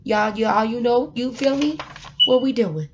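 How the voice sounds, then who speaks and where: A woman giving a casual, rambling motivational talk, laughing often and swinging from loud to hushed. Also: on the high side, unhurried, muffled recording, noisy background. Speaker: motivational vlogger.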